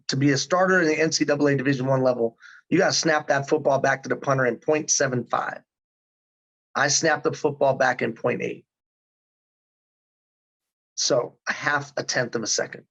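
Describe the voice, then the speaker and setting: A man's voice: medium pitch, fairly even intonation, normal speed, creaky, pauses often, a bit bright, poor audio. A man in his fifties telling his story in a casual interview, earnest and emphatic. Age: 50s. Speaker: guest.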